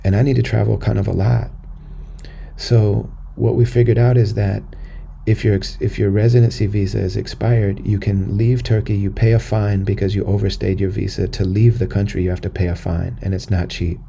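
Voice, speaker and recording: A man's voice: fairly low pitch, level tone, moderate pace, vocal fry, dark tone, slight background noise. An American man hosting a podcast, talking earnestly in a personal monologue and often restarting his phrases. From United States. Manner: earnest, conversational, circles back on phrases. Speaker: podcast host.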